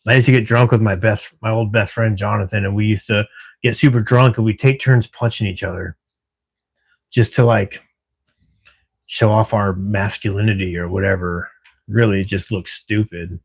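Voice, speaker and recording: Chatting with his stream's audience during a night at work, a middle-aged Washington State man talks in a fairly low, steady, creaky and husky voice at normal speed. He's quick to laugh and drops a swear word here and there.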